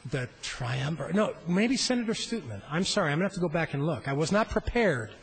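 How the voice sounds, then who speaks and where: A man's voice: a little high, expressive, fairly quick, gravelly, breathy edge, low-quality recording. A middle-aged man, a state senator, giving a floor speech in a legislative chamber at a floor microphone, telling a rambling, self-deprecating story.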